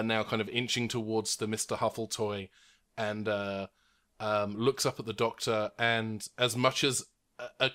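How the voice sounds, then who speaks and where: A man's voice: fairly low pitch, bright, forceful tone. A man running a tabletop role-playing game, enthusiastic and full of fillers as he narrates and calls for rolls. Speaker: game master.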